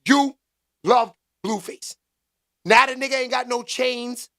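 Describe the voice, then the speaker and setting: A man hosting a casual live stream, talking with the chat in slangy street talk and bursting into loud exclaims. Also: very high voice, steady tone, slow pace. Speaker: livestream commentary host.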